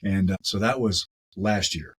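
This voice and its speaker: A man with a low, husky voice, a guest on a podcast telling a story. He talks casually and with animation, doubling up words as he goes. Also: unhurried, poor audio.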